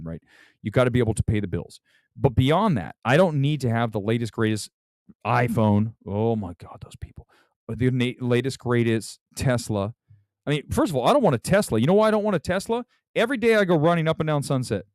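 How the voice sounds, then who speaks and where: A man's voice: mid-range voice, no room sound, clean studio sound. A man hosting a talk show, ranting in rambling, sarcastic casual chat. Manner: rambling, animated rants with sarcastic asides. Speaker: podcast host.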